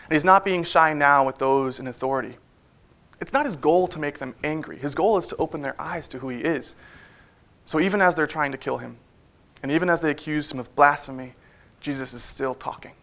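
Guy giving a chatty sermon at church, bit higher pitched, lots of ums and little jokes. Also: a bit bright. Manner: conversational, with frequent fillers and asides. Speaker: preacher.

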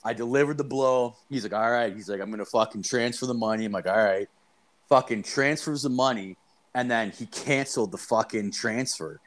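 A man's voice: mid-range voice, a little fast. A young man telling a story in casual chat, rambling and swearing with lots of fillers.

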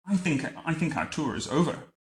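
A man's voice: fairly high pitch, animated, fairly quick, echoey room, close to an everyday voice, rough recording. A man doing a bossy, haughty old queen. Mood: regal.

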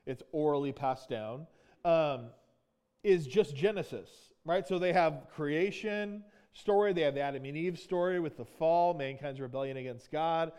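Man preaching, conversational, higher-pitched. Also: moderate pace, darkish tone, clear, resonant tone. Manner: conversational teaching with frequent "right?" and restarts. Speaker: pastor. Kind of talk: sermon.

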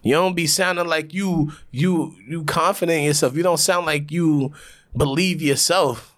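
A loud, animated man, co-hosting a casual podcast and coaching his friend. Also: on the high side, normal speed, dry recording, clean studio sound. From Brooklyn, New York. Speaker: podcast co-host. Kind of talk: casual chat.

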